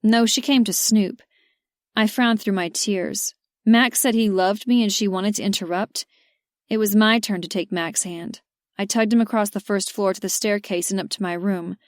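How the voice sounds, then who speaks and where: A woman narrating a romance audiobook in measured, first-person storytelling. Her voice sits at an ordinary pitch for a woman. The recording is dry and close, with no room sound. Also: steady tone, dry recording. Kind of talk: scripted narration.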